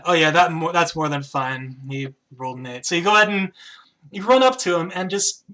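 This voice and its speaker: A game master narrating a tabletop game, pausing often with "uh" and "kind of". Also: mid-range voice, animated, pushed and bright. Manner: hesitant narration with many "uh" and "kind of".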